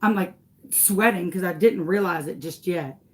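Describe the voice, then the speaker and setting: A woman's voice: lowish voice, moderate pace. A young adult woman hosting a crafting video, telling a dramatic story while she works and acting out the people in it. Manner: dramatic, animated retelling with acted quotes. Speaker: crafting channel host.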